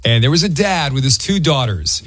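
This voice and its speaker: A man's voice: medium pitch, animated, brisk, fairly bright tone, dry recording, soft background music. A man hosting a morning radio show, chatting casually with a caller and telling jokey stories in an upbeat way.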